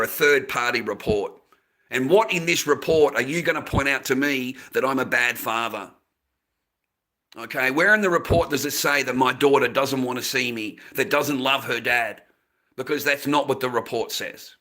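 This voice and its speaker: Bright-voiced ranting Australian man. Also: a little high. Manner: heated, profane, rambling. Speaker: live streamer. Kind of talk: casual livestream rant.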